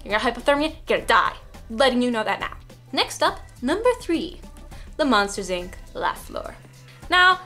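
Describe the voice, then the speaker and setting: A young woman telling stories to camera in a casual vlog, animated and laughing, with sudden loud outbursts and hushed asides. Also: high-pitched. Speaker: vlogger.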